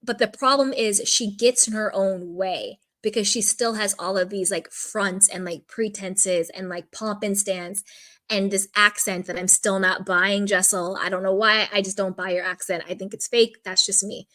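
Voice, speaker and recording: A woman's voice: mid-range voice, fairly even intonation, moderate pace, pushed and bright. A woman commenting on a reality show in casual, candid speech, peppered with "like" and frank opinions. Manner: candid, opinionated, lots of "like" fillers.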